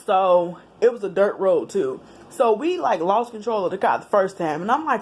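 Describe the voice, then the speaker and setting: A woman's voice: medium pitch, a little fast. Woman vlogger, chatty storytelling, faint background hiss. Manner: animated, chatty, with slang and laughs. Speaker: vlogger telling a personal story. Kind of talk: casual storytelling to camera.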